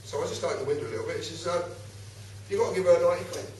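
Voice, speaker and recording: A man's voice: fairly high pitch, very fast, slight background noise. A man telling a story to a live audience at home, acting out both sides and swearing freely. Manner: animated, swearing, acts out both sides of his stories. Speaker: speaker giving a public talk. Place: home, recorded in a reverberant room. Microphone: far camera. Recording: very echoey room, camera from far off.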